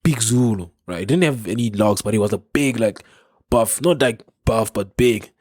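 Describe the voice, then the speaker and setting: A man's voice: lowish voice, moderate pace, darkish tone, no room sound, clean studio sound. A young South African man hosting a podcast, telling a story in a rambling way with many restarts and frequent laughs. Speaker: podcast host. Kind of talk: casual storytelling.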